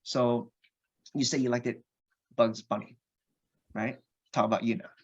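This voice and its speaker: A man's voice: medium pitch, a little slow. Guy telling a story bout his kid, mid voice, a bit muffled. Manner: animated anecdote-telling with restarts. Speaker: podcast guest. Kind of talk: casual storytelling.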